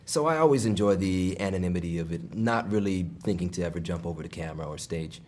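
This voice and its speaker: A man with a fairly low voice, a cartoon voice actor chatting easily in an interview at a convention. He talks plainly and with gentle humor about his work. Faint background noise sits under him. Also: lively intonation, fast. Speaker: voice actor guest. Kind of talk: casual interview. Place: at a fan convention.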